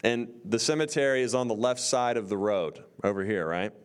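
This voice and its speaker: A young man telling a story casually, getting excitable and acting out screams and voices. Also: on the low side, a little fast, clean tone. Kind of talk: animated storytelling.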